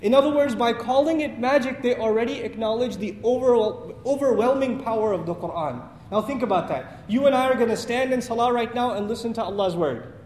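Really high-voiced guy preaching in a mosque, acts out the story lines, big echoey hall. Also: a little fast, hardly any pauses. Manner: animated storyteller, acts out dialogue, laughs at own lines. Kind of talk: sermon storytelling. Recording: echoey hall with faint noise.

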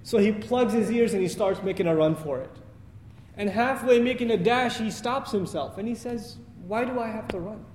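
High-voiced male preacher in an echoey hall. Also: normal speed. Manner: animated storyteller, acts out dialogue, laughs at own lines. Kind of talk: sermon storytelling. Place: mosque prayer hall. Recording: echoey hall with faint noise.

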